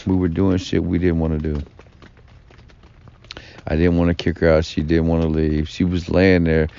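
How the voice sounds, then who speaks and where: A man's voice: low voice, flat delivery, normal speed, vocal fry, dark tone. A man telling a long personal story in a rambling, profane vlog monologue, full of fillers and asides. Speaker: vlogger. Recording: dull lo-fi recording.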